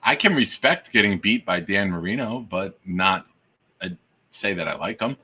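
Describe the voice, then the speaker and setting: A man's voice: low-pitched, animated, moderate pace, bright, forceful tone, slightly rough. A man hosting a casual sports talk show, teasing his co-host in a wry way.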